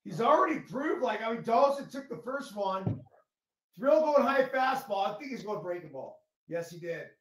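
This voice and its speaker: Male co-host with a notably high voice, breezy and salty when breaking down plays. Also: animated, moderate pace, reverberant. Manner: loose, profane, explains with gestures. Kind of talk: casual sports chat.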